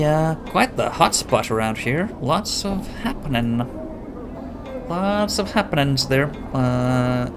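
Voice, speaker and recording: Rambling man commenting on a game. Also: medium pitch. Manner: rambling, hesitant, wry asides. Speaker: let's play host.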